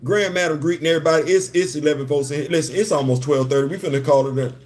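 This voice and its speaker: Fifties male streamer, casual and laughing, a touch high-pitched, heartfelt asides. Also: racing, noisy background. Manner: laughs often, stammering restarts, heartfelt asides. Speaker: livestream host. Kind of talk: casual live-stream chat.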